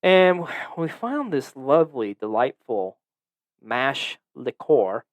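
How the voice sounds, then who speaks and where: A man's voice: medium pitch, big pitch swings, slow pace. A man hosting a podcast, telling a story in a casual, profane, joking way. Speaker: podcast host.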